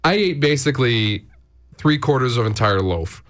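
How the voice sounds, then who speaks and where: Speaking at medium pitch and normal speed, a man hosts a morning radio show. He chats casually and jokes with a co-host and callers, animated and jokey, putting on silly accents.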